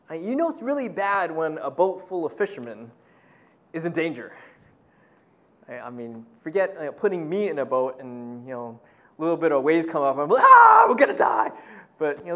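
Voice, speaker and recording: Chatty preacher with a highish voice. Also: male voice. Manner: conversational, lots of "you know", acts out quotes loudly. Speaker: pastor. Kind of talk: sermon.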